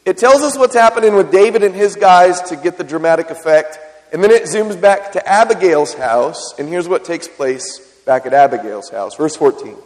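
Male pastor, higher voice, chatty sermon delivery with questions to the crowd, reverberant hall. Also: moderate pace, darkish tone. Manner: conversational preaching with frequent questions to the congregation.

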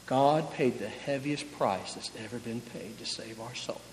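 A man preaching a sermon, rising to loud emphatic passages and falling to quiet, close tones. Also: medium pitch, unhurried, slight background noise. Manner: preaching with swelling emphasis, then dropping to soft intimate tones. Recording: long hall reverb.

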